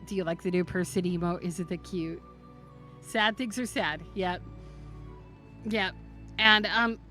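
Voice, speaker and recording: A woman's voice: medium pitch, pushed and bright. A woman streaming a game live, chatting playfully with her viewers, giggling and stumbling over her words as she talks to them by name.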